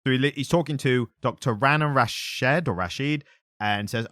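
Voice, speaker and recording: A man co-hosting a podcast, chatting casually about a comic with quick asides and self-interruptions. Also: mid-range voice, pushed and bright, dry recording, studio quality. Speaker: podcast co-host.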